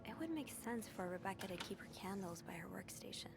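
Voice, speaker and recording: A woman's voice: mid-range voice, animated, fast talker, creaky, very noisy. An actress voicing a curious, friendly young woman working at a hotel, with a teasing way of talking. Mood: hushed. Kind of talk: voiced game dialogue. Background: game music.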